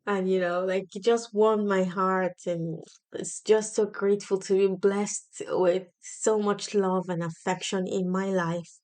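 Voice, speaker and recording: A woman's voice: medium pitch, level tone, unhurried, darkish tone. A woman in her thirties hosting a casual solo podcast from her home office, speaking in an earnest, encouraging way. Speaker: podcast host.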